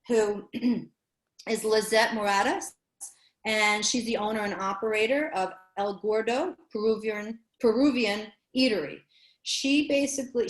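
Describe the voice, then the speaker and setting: A woman with a New York accent, moderating a panel and introducing speakers, talking quickly with many fillers and restarts. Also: on the high side, echoey room, poor audio. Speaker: panel moderator, university program director. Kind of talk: panel introduction on a video call.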